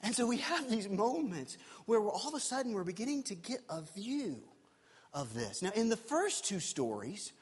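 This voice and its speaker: A man's voice: high-pitched, big pitch swings, moderate pace, slightly rough, big-room sound. A man, a pastor, preaching a sermon in a conversational way, asking his listeners rhetorical questions.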